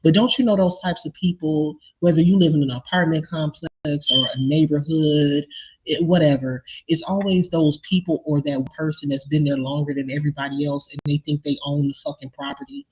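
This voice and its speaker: A woman's voice: low voice, fairly even intonation, brisk, a little mellow, husky, lo-fi sound. A woman venting to her viewers in an indignant, profane, casual rant about a personal story. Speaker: vlogger telling a personal story.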